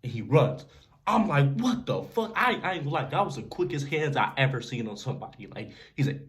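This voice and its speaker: A young man casually telling a story to camera in a slangy, animated way, often checking in with the listener. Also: medium pitch, fast talker. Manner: animated, slangy storytelling with frequent "you feel me". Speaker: vlogger.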